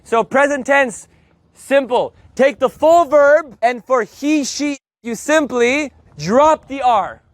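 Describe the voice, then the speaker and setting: A man teaching Spanish to a live group of learners, energetic and joking, drilling words loudly for the class to repeat. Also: very high voice, slow pace, no room sound. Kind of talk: live group language lesson. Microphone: loudspeaker mic.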